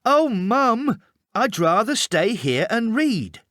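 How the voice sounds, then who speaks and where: A man's voice: high voice, big pitch swings, takes it slowly, fairly bright tone, no echo, studio quality, voice pushed up, heavily acted. A man voicing a timid, bookish young schoolboy who pleads and resists. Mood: reluctant. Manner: pleading, reluctant.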